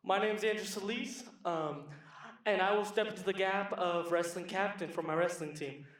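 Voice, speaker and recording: A teenage boy with a fairly high voice gives a short speech on stage, earnest and a little halting. He is heard from a distance in a very echoey hall. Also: a bit bright. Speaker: camp participant.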